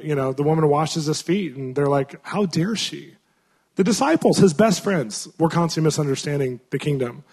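A man preaching a conversational sermon to a conference crowd, telling stories and acting out the people he quotes. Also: a little high. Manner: storytelling, acts out quoted voices, rising to loud bursts; conversational with fillers.

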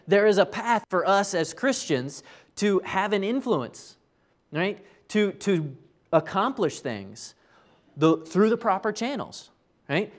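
A man delivering a casual, earnest sermon with a fairly high voice. He keeps tossing "right?" to his listeners as he tells the story. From United States. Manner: tags many sentences with "right?". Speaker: preacher. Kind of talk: conversational sermon.

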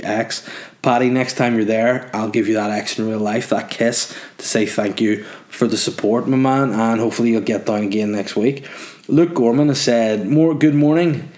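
A man's voice: on the low side, darkish tone. Male podcast host, casual and crude, rambles through listener questions with jokes. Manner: crude, joking, rambling with frequent ums. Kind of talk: casual solo podcast chat, reading listener messages.

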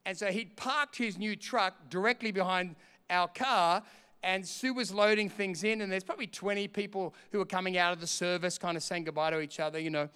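A middle-aged man preaching a sermon as a pastor, telling a story with fervor and rising to shouts at points. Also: high voice, a little fast, clear, resonant tone. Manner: impassioned preaching that swells to shouts between quieter storytelling. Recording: long reverb hall.

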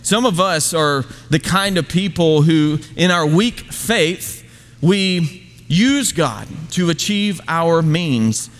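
A man's voice: fairly high pitch, animated, slow pace. Male pastor, sermon, rhetorical questions, emphatic, reverberant sanctuary.

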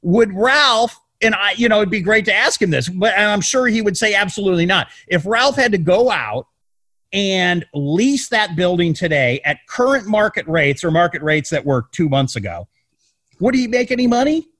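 Man, slightly high voice, animated, rhetorical questions, dry close sound. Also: normal speed, no room sound. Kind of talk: casual political chat.

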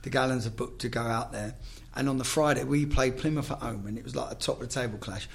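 A man's voice: mid-range voice, steady tone, fast, vocal fry. A man, a former footballer, telling stories in casual chat, swearing freely and acting out the dialogue.

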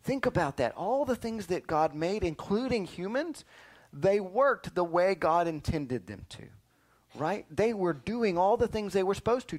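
A man teaching a lively Bible lesson to children, quizzing them and often calling "listen up" to get their attention. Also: sits high. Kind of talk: animated Sunday school lesson.

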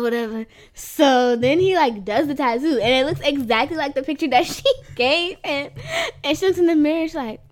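A woman's voice: sits high, brisk. A young woman co-hosting a podcast, telling a story in casual chat, laughing often and filling her talk with "like". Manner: giggly storyteller, lots of "like". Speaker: podcast co-host.

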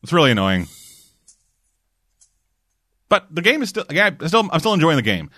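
A man's voice: a little high, huge pitch swings, normal speed, sharp tone, dry recording. A man co-hosting a casual gaming chat, rambling and swearing freely, with lots of restarts and fillers. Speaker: podcast co-host.

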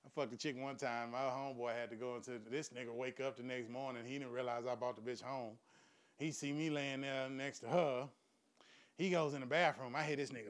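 A man's voice: medium pitch, steady tone, a little fast. A man telling a crude, profane story in a loose conversational monologue, laughing often.

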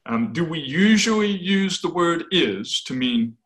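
A man explaining as a scholarly guest in conversation, animated, often checking in with "right?" and correcting himself as he goes. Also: a little high, unhurried, poor audio. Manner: animated, tags points with "right?".

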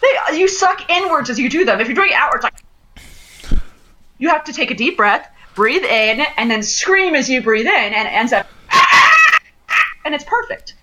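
A woman's voice: high-pitched, lively intonation, normal speed, bright, forceful tone, a little hiss or hum. A young adult woman co-hosting a podcast, chatting casually and telling stories with lots of fillers and laughter. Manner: chatty storyteller, laughs often, many "like" fillers. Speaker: podcast co-host. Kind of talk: casual chat.

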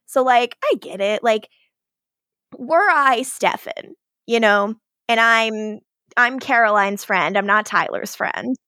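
A woman talks through a TV episode with her co-hosts in loose, casual chat. Her voice sits a little high and sounds dry and close, with no room around it. She keeps jumping into quick, lively impressions of the characters as she retells scenes. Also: no room sound. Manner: animated retelling with quick acted-out quotes. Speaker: podcast co-host.

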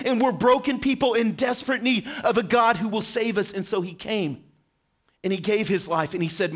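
High-voiced earnest male preacher. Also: normal speed, fairly bright tone. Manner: earnest, questioning, direct address. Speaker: pastor. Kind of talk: short sermon.

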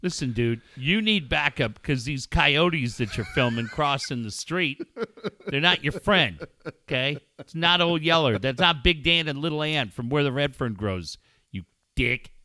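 A podcast co-host with a fairly high, expressive male voice speaks a little slowly, his tone bright and forceful. He trades crude comedic banter on a casual talk show, swearing heavily and mock-ranting with sarcasm. The recording is dry and studio quality.

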